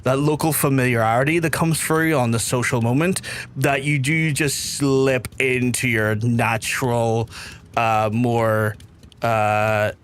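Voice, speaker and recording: A young man from Belfast with a softened Belfast accent, chatting and rambling to his viewers while he streams a game. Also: mid-range voice, steady tone, slow, slight background noise. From Northern Ireland. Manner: rambling, chatty, reads chat aloud. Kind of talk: casual game stream chat.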